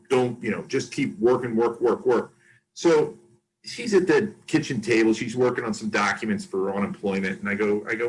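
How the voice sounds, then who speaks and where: A man's voice: lowish voice, poor audio. A man in his sixties, a guest on an interview show, telling a long story in a chatty way and acting out the dialogue. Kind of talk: casual storytelling.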